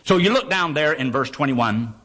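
A man's voice: a little high, animated, moderate pace, pushed and bright, slightly rough. A man preaching a sermon, reading scripture aloud and driving his points home with rhetorical questions he answers himself. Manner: reads King James scripture aloud.

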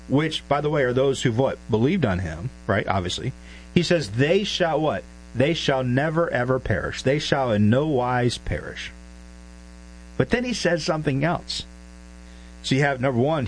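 A man's voice: mid-range voice, breathy edge, low-quality recording. A man preaching a verse-by-verse sermon, stressing key words and putting questions to his listeners. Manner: emphatic, asks the listeners questions. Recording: faint mains hum.

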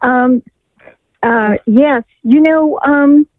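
Call-in caller, woman, slow and rambling, tinny phone line, dry sound. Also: high-pitched, no echo. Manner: rambling, hesitant, full of fillers. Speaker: radio caller. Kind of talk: call-in storytelling. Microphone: telephone.

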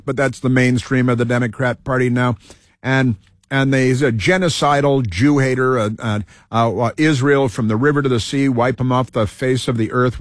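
A man's voice: medium pitch, no room sound, studio quality. A man hosting a talk show, rambling and digressive, stumbling over words with lots of fillers. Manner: digressive, stumbling, repeats himself with many fillers. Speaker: radio talk show host. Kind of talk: rambling opinion monologue.

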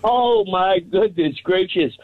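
A man calling in to a sports radio show, excited and laughing as he chats quickly about his team. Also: sits high. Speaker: caller. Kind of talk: casual call-in chat. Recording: tinny phone line.

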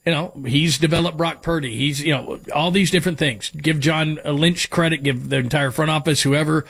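A man's voice: a little high, steady tone, moderate pace, vocal fry, fairly bright tone, slightly rough. Opinionated male sports radio host. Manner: opinionated, riffing through names and stats.

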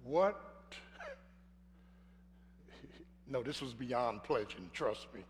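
An older man preaching a sermon, telling his own story earnestly with repeated phrases. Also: fairly high pitch. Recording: echoey hall, faint hum.

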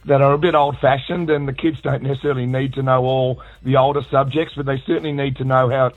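An Australian man calling in to a radio show, slightly hoarse from a frog in his throat, chatting in an upbeat, matey way with plenty of restarts. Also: medium pitch, little pitch movement, fast. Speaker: charity founder calling in. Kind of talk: casual radio phone chat. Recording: tinny phone line with faint music.

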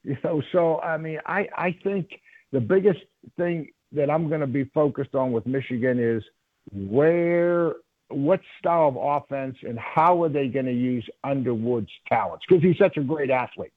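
Folksy coach on a tinny phone line. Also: male voice, mid-range voice, normal speed, no room sound. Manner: rambling, folksy, many fillers. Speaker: former football coach, guest analyst. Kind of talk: phone-in radio interview.

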